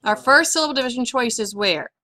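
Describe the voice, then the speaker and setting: A woman's voice: fairly high pitch, animated, quick pace, bright, forceful tone, dry recording. A woman teaching a phonics lesson on syllables and accents, patiently asking questions and repeating each word for her pupils.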